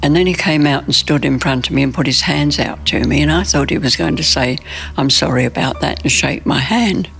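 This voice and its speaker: A woman in her nineties recounting a personal story in an interview, in plain, halting speech with restarts. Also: low-pitched, creaky, fairly bright tone, faint music behind. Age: 90s. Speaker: interview guest.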